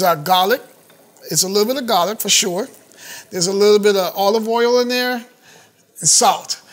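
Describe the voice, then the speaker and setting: A chef talks viewers through his cooking in a chatty, excited way. The man's voice sits high and rings bright and forward. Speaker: chef hosting a cooking show. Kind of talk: cooking demonstration.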